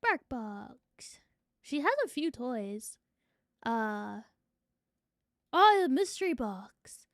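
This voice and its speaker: A woman's voice: on the high side, very animated, drawn-out words, long pauses, dry recording, studio quality. A young adult woman streamer chatting casually to her viewers, swearing freely. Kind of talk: casual live-stream chat.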